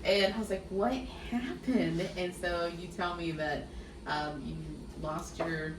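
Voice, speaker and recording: A woman's voice: lowish voice, fairly even intonation, unhurried. A woman hosting a podcast, chatting casually and teasing her guest into telling a story. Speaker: podcast host. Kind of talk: casual chat. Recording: echoey room, distant mic, clear hiss.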